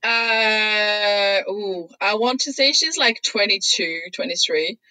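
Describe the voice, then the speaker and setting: Bright-voiced French-native woman. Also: medium pitch, slow, no echo, poor audio. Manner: chatty storyteller, laughs often. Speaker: guest. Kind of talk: casual conversation.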